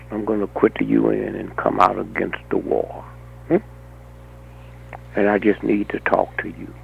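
An older man telling a long anecdotal story in an animated way, often breaking off with a rhetorical "huh?". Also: on the low side, gravelly, slightly rough, phone-quality sound. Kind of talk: anecdotal monologue.

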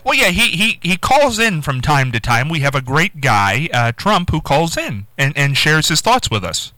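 A man's voice: a little high, very animated, moderate pace, pushed and bright, no room sound, low-quality recording. A man hosting a radio show, chatting with his guest, laughing often and feeding him prompts. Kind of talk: casual interview chat.

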